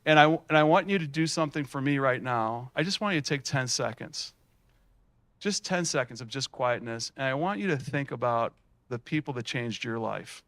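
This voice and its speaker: A middle-aged man giving a folksy, animated keynote at a student showcase, telling stories with many fillers and restarts. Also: medium pitch, normal speed, no room sound. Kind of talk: storytelling keynote speech.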